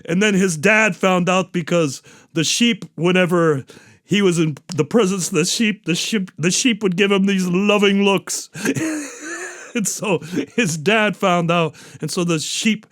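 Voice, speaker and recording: Man, podcast host, fairly high voice, casual movie recap, rambling, profane. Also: a little slow, fairly bright tone.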